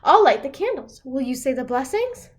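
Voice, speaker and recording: A woman's voice: high-pitched, sing-song, normal speed, a little hiss or hum. A woman voicing a kind, chatty old grandmother in a picture book read-aloud. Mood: warm, chatty.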